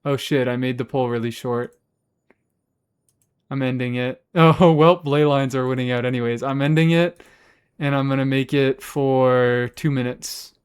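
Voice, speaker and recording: Sarcastic young man streaming, smooth voice. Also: medium pitch, fairly even intonation, measured pace. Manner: sarcastic, banters with chat, swears freely. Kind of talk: casual game stream chat.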